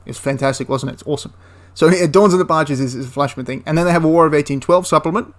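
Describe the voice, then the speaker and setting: A man's voice: on the high side, rapid-fire. A man giving a casual, enthusiastic spoken review of a tabletop wargame, rambling into asides and restarting his sentences.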